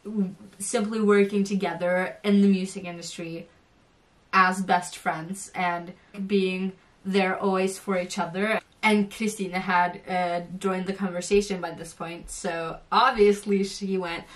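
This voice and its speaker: A young woman spills an excited storytime vlog, gushing, giggling and tripping over her words. Her voice sits at an ordinary middle pitch for a woman. She is a little far from the mic. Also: measured pace. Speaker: vlogger.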